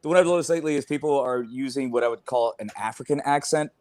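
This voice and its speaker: A man's voice: mid-range voice, fast talker, darkish tone. A man chatting on a fan podcast, talkative, laughing often and swearing now and then. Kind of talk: casual chat.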